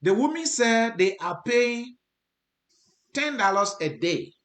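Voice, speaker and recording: A man's voice: very high voice, lively intonation, slow, fairly bright tone. A man with a Liberian accent giving commentary to his viewers, earnest, repeating his points for emphasis. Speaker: host. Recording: roomy, echoey sound.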